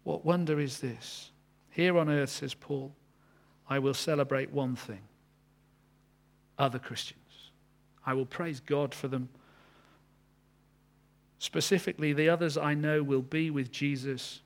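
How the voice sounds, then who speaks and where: A man preaching a sermon, earnest, building to emphatic peaks and then dropping low.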